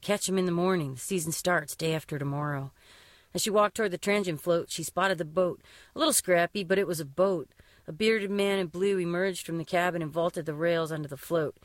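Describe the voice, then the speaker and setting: A woman who fishes commercially, chatting casually and reading her own story aloud, with lively jumps in pitch when she quotes people. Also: no echo, clean studio sound. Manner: lively, mimics other people's voices with sharp pitch jumps. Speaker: commercial fisher and zine publisher.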